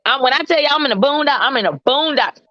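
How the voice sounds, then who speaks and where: A woman's voice: high-pitched, fast talker, sharp tone, dry recording. Chatty woman on a lo-fi line. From Mississippi. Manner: laughing, chatty, slangy. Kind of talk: casual chat.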